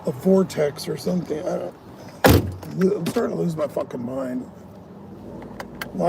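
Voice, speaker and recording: Frustrated male delivery driver, ranting on a stream from his car, gravelly voice, engine noise behind. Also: a little high. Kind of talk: live-stream venting while driving. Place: inside a parked car.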